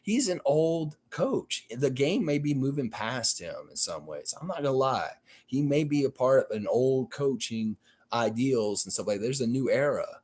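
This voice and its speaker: A man's voice: mid-range voice, expressive, normal speed, a little mellow. A man with a Southern American accent, streaming live and reading chat comments aloud, ranting in a heated, blunt and profane way. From United States and Canada. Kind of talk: casual live-stream rant.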